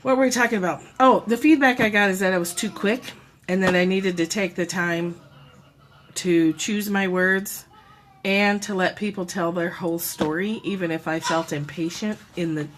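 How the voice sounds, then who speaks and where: A woman chats reflectively on a home live stream, recorded on a propped-up phone or camera amid a noisy background. Her pitch is fairly low and her tone steady at a moderate pace, and she muses aloud, fixes her own words, and laughs easily.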